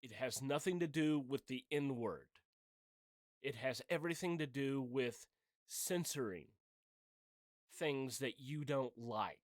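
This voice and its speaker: A man's voice: medium pitch, takes it slowly, no room sound, studio quality. A middle-aged man hosting his own channel, delivering a blunt, heated, profane opinion rant. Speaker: channel host.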